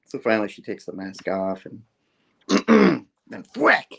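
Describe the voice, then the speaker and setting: Hoarse, gravelly man retelling a comic. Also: fairly low pitch, unhurried. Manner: animated retelling full of "like" asides. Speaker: co-host. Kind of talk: casual comic book review chat.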